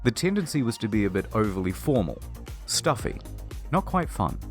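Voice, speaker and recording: A man narrating a comedic video essay in a very low voice. His pitch swings widely, and his delivery stays dry and sarcastic. Music plays faintly underneath. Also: huge pitch swings, moderate pace.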